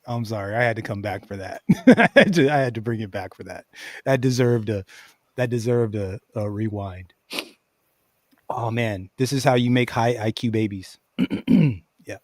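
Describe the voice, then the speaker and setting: A man's voice: fairly low pitch, moderate pace, a little mellow, dry recording, studio quality. A man casually commenting on clips he watches, often breaking into laughter and muttering asides. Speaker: streamer reacting to clips.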